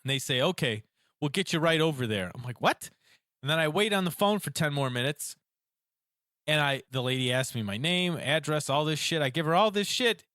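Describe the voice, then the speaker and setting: A man's voice: a little high, fairly quick, smooth, no echo. Ranting man on a dry podcast mic. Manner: animated ranting storyteller, acts out phone calls. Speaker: podcast co-host. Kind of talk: casual chat.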